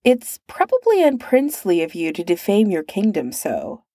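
A woman's voice: mid-range voice, wildly swooping pitch, normal speed, warm tone, no echo, clean studio sound. A woman voicing a prim, bookish young male prince with a chiding manner in a storybook reading.

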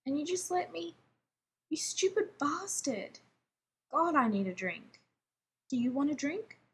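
A woman reading aloud, voicing an anxious, chattering adult man who talks in rapid, fretful bursts. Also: high voice, very animated, a little hiss or hum, voice pushed up, exaggerated voice. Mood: flustered.

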